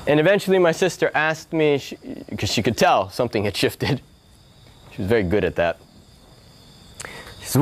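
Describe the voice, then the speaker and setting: In a yoga hall, a man with a mid-range voice delivers a spiritual talk at normal speed, pausing often. He is animated as he relates a personal story, performing the voices of his family.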